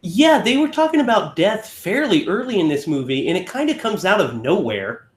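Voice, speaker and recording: A man's voice: high-pitched, big pitch swings, moderate pace. Rambling man in an echoey room. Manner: rambling, self-correcting, often acts out lines. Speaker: podcast co-host. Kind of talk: casual film discussion.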